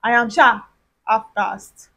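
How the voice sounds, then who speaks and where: A woman with a Nigerian accent, a vlogger telling a lively story from her childhood and acting out the dialogue with big swings in pitch. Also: slow, creaky, breathy edge, lo-fi sound. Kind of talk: storytime vlog.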